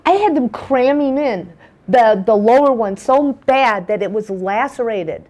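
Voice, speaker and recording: A woman's voice: on the high side, expressive, a little slow, a little mellow. Direction: Restless woman telling her story, tumbling phrases. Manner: tumbling, repetitive storytelling with frequent restarts. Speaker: patient guest. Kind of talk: emotional personal account.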